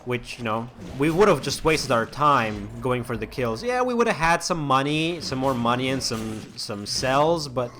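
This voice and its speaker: A man's voice: medium pitch, animated, moderate pace, hardly any pauses, fairly bright tone, slight background noise. A young man hosting a let's-play, chatting casually as he plays, rambling with lots of restarts and fillers. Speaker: gaming channel host.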